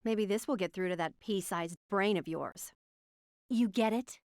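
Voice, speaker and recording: A woman voicing an arrogant, sharp-tongued female scientist who speaks in a condescending, sarcastic way. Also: mid-range voice, unhurried, background noise, lightly acted. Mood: smug.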